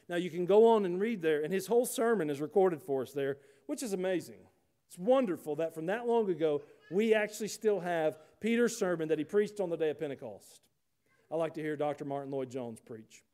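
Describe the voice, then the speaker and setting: A man's voice: sits high, lively intonation, a little fast, mellow. Folksy preacher man. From United States. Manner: folksy, rising to emphatic preaching with rhetorical questions. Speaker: pastor. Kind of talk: sermon.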